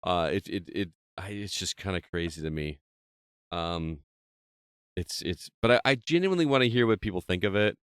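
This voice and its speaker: A man's voice: low-pitched, lively intonation, normal speed, smooth, no room sound, clean studio sound. A man hosting a gaming podcast, chatty and self-deprecating, laughing often. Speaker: podcast host. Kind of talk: casual podcast chat.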